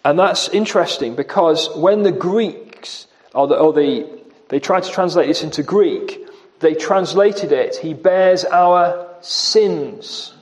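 A man with a high voice delivers an evening sermon and walks through a passage verse by verse. He slows right down on the quoted lines and leans hard on repeated words. At times he drifts back from the microphone. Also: a little mellow. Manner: slows and stresses quoted scripture, emphatic repetition. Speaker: preacher. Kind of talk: expository sermon.

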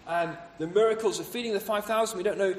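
Male preacher, high-pitched tenor, expository sermon delivery, rhetorical questions, echoey church room. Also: fast talker, slight background noise. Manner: expository, rhetorical questions, acts out voices of townspeople.

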